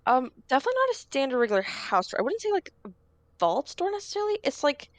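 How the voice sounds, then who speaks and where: A woman's voice: sits high, big pitch swings, fast, dry recording. A woman narrating as game master in a tabletop game, rambling with lots of fillers.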